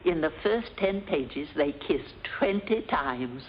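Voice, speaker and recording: A woman's voice: deep voice, lively intonation, slow, a little hiss or hum. An actress playing a dotty, rambling older woman in a 1950s sitcom, dreamy and meandering. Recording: dull lo-fi 1950s TV audio.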